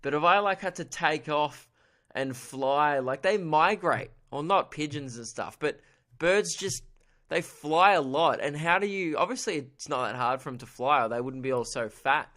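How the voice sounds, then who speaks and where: An Australian man hosts his own comedy podcast, rambling irreverently through a solo monologue and laughing at his own jokes. His voice sits fairly high and sounds sharp and expressive at a moderate pace.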